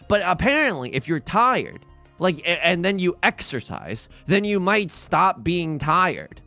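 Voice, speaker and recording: A young man hosts a game livestream in a high-pitched voice at a measured pace, with faint music behind him. He rambles casually with lots of fillers and self-deprecating jokes, jokey and animated at first, then subdued and tearful.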